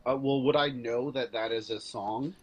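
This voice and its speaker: Husky man joking at the table. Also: medium pitch, steady tone, dull audio. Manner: joking, quick asides. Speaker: player. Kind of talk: casual tabletop game chat.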